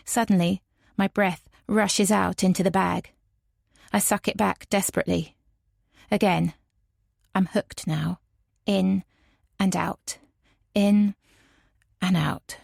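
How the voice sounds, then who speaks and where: A woman narrating a first-person audiobook in a measured, tense way. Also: fairly low pitch, vocal fry, a little mellow, no echo, clean studio sound.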